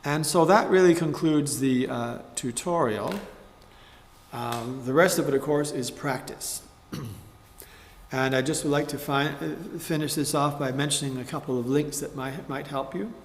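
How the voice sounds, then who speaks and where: Slow-spoken man in a reverberant room. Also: a little high, a little hiss or hum. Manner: measured, stops to sing demonstration phrases. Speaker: chant teacher. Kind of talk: spoken tutorial with sung psalm examples. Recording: roomy space with long reverb.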